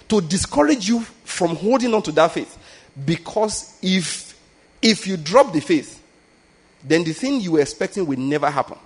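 Husky Nigerian preacher, high voice. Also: male voice. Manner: conversational teaching, often asks if listeners get his point. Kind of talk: sermon.

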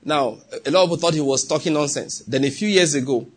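Husky Nigerian man preaching emphatically. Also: a little high, quick pace. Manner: emphatic, asks the congregation questions. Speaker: pastor. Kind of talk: sermon.

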